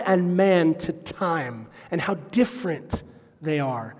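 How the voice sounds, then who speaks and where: A man's voice: on the high side, animated, slow pace, a little mellow, long reverb tail. A man preaching a sermon as pastor, explaining scripture verse by verse. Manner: expository preaching, quoting scripture.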